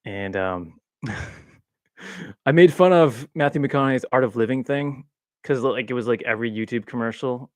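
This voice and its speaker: A man's voice: mid-range voice, dry recording. Rambling man chatting on a dry mic. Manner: rambling, filler-heavy, self-mocking with frequent laughs. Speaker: livestream host. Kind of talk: casual spiritual chat. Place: home room, seated in a swivel chair. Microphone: boom-arm mic.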